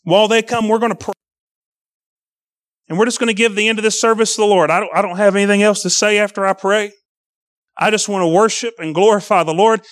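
A man's voice: high voice, fairly even intonation, quick pace, a bit bright, dry recording, clean studio sound. A young man preaching a sermon to a congregation, earnest and pleading, repeating his phrases as he calls people to the altar.

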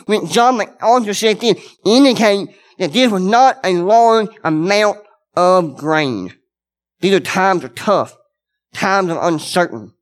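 A man delivers a sermon in an earnest, conversational way, addressing his congregation directly and repeating key words for emphasis. His voice sits high.

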